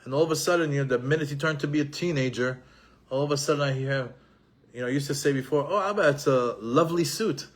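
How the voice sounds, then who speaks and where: A middle-aged man giving an animated Torah lesson, repeating himself and mixing in Hebrew terms. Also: mid-range voice, quick pace. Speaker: Torah teacher.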